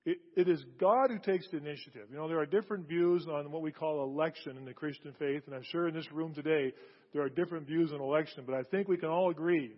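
Male preacher, somewhat high voice, hammers phrases home, drops soft then booms; dull recording in a big reverberant hall. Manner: emphatic, repeats key phrases, swings from hushed to loud. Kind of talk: sermon. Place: large hall with an audience.

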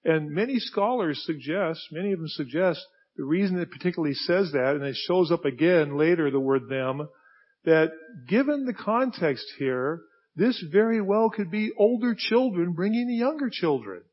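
A pastor preaching a sermon, swinging from hushed, slow emphasis to loud, forceful passages. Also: male voice, a little high, expressive. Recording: dull lo-fi sound.

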